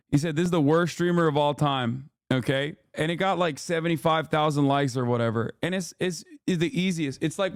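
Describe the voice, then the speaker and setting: A man's voice: fairly high pitch, clear, resonant tone, no room sound, clean studio sound. A man streaming from home, ranting and mocking his chat in a profane, casual commentary.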